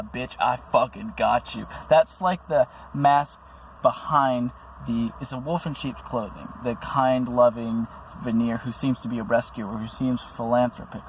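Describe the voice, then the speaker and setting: A man's voice: medium pitch, a little mellow, a little hiss or hum, rough recording. A man speaking about his own experiences in an earnest, rambling monologue, full of restarts and fillers. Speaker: vlogger. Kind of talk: personal monologue to camera.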